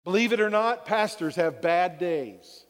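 High-pitched guy preaching slow in a big echoey church, keeps asking amen. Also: lively intonation. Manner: preaching with call-and-response "Amen?" and acted-out quotes. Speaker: pastor. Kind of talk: sermon.

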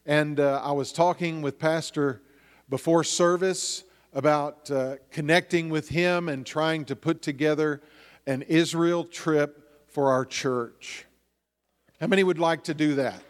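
A man pastoring a church, introducing a guest speaker in a halting way with repeated words. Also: on the high side, steady tone, smooth, long reverb tail. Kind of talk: church announcement. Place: church sanctuary.

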